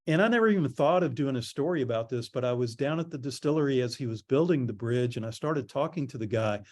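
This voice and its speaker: A man's voice: mid-range voice, fast talker. Conversational man presenting on PR. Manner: conversational storytelling, animated quoting. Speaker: public relations presenter. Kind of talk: conference presentation.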